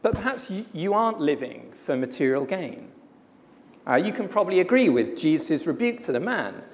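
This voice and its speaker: A preacher delivering a sermon in an emphatic, blunt way, slowing down for weighty pauses. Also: mid-range voice, sing-song. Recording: long hall reverb.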